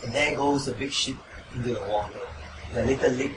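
A man's voice: medium pitch, a little fast. A man preaching a sermon and leading a closing prayer, emphatic and repetitive, often checking with listeners. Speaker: pastor. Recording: echoey room, mic at a distance, noisy.

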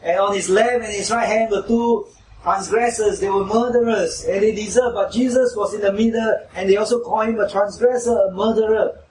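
A man's voice: sits high, steady tone, a little fast, a little mellow, a little hiss or hum. A man preaching a sermon who asks his listeners questions and raises his voice when he quotes mockers. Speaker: pastor. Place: church hall. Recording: echoey hall, mic from far off.

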